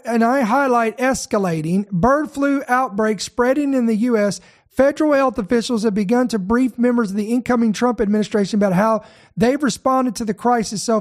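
Emphatic podcast host reading news. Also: medium pitch. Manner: emphatic, stops to stress single words; repeats words and restarts phrases. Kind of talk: news commentary, reading articles aloud.

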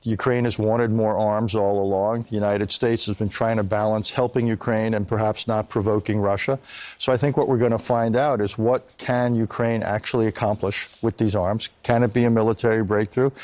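An older man, a veteran diplomat, answering questions in a live news interview in a measured, analytical way. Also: on the low side, steady tone, a little mellow. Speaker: foreign policy analyst guest.

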